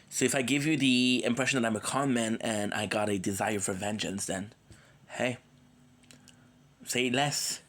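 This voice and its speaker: A worn-out man hosts a live gaming stream and chats loosely with viewers he knows by name. He rambles and jokes, slipping in stray foreign phrases, and sounds like a cold is coming on. His voice sits at an ordinary middle pitch. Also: fairly bright tone. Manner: rambling and playful, drops in foreign words. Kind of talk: casual livestream chat.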